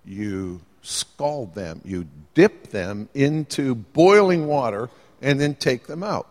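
A man's voice: mid-range voice, takes it slowly. A man preaching a sermon to a live congregation, conversational and playful, joking and asking the audience questions. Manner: lively, conversational, jokes with the audience. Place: church hall with live congregation. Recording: long hall reverb.

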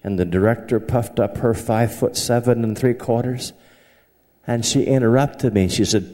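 With a warm tone, medium pitch, and normal speed, this pastor from the American South delivers his sermon in a Southern accent. Folksy humor and anecdotes fill it, echoing in a long hall reverb.

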